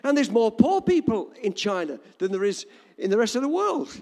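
Older English preacher, animated and high. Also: male voice, a little fast, big-room sound. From England. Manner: emphatic, repetitive preaching cadence. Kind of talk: sermon.

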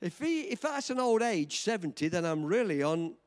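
An older man in his seventies preaching a sermon, telling a story with dramatic swings from quiet to shouting. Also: high voice, very animated, normal speed. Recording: long reverb of a large hall.

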